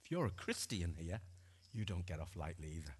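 A man preaching a sermon in a church, earnest and dramatic, swinging between loud and hushed delivery. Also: deep voice, very animated, fairly quick, slightly rough. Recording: long reverb of a church hall.

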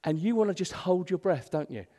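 A male pastor preaching a sermon in a church, animated, swinging between loud emphasis and hushed asides. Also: high voice, brisk. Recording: long hall reverb.

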